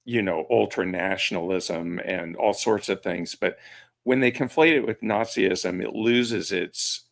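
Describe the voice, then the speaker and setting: Low, gravelly-voiced male guest. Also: a little slow, a bit bright. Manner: hesitant, searching for words. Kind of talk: casual chat.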